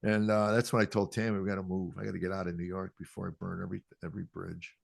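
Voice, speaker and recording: Fast and flat, this older male comedian's gravelly low voice carries self-deprecating anecdotes through a podcast interview with no room sound. He puts on acted voices when quoting others.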